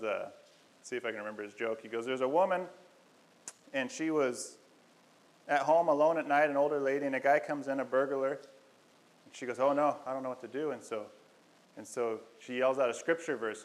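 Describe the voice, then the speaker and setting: A man's voice: mid-range voice, poor audio. A young man preaching a casual, joking sermon, telling stories with self-deprecating humor. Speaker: lay preacher.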